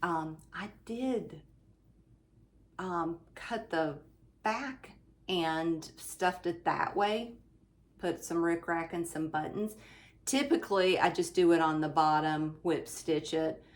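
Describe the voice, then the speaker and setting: A woman with a lowish voice talks slowly and informally to her viewers, showing off her latest projects. She meanders through her thoughts with frequent ums and small restarts, calling her audience "you all" like old friends. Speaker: cross-stitch channel host. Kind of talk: casual show-and-tell chat. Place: indoors at home, fan running.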